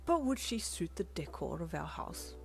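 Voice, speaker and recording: A woman's voice: fairly low pitch, sing-song, normal speed, vocal fry, soft background music. A woman voicing a stuffy, agreeable older husband who defers to his wife. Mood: prim.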